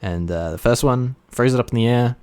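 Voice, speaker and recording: A man co-hosting a podcast, telling jokes in casual chat, animated and swearing. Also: mid-range voice, brisk, clean tone. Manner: animated storyteller, swearing, laughs at his own jokes. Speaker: podcast co-host.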